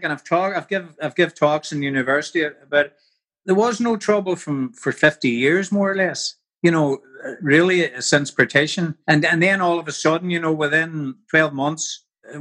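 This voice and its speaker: An older man from Northern Ireland, with a Northern Irish accent and a fairly high, bright, forceful voice, tells stories casually as an interview guest, rambling and saying "you know" a lot.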